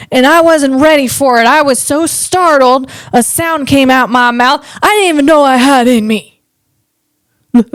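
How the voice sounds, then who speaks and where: A woman's voice: high voice, moderate pace, no echo. A woman from the Northeast US hosting a casual comedic podcast, chatty and rambling, often restarting her sentences.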